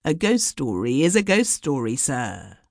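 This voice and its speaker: A woman's voice: a bass voice, sing-song, unhurried, vocal fry, no echo, studio quality, exaggerated voice. A woman voicing a nervous, touchy man who sounds uneasy and prim. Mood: indignant. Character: nervous, touchy male inn guest.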